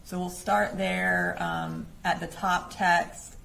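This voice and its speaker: A woman's voice: on the low side, flat delivery, takes it slowly, vocal fry, fairly bright tone, poor audio. A woman prosecutor in a courtroom, questioning a witness methodically and formally.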